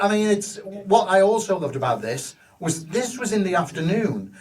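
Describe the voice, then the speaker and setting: A man's voice: high voice, recorded from a distance, rough recording. A man, a hospital cinema manager telling rambling, enthusiastic stories in a live stage interview. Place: live show venue.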